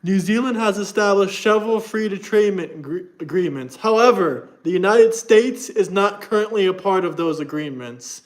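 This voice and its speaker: In a high-pitched voice at normal speed, with hardly any pauses, a man rants at his livestream chat. He argues in a mocking, combative manner and reads text aloud to support his point.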